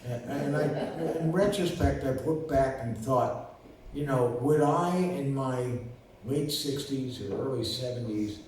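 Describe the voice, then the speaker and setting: Picked up in a roomy, distant recording with faint noise, a man in his seventies, a lawyer and guest, rambles through casual stories with many fillers and restarts. His voice is medium-pitched with a darkish tone.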